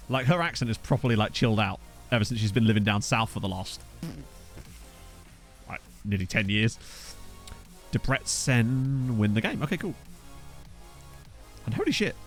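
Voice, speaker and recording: Young man, streamer, casual game commentary, joking about chat names, lively up-and-down pitch, faint music underneath. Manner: jokey, riffing on viewers' names.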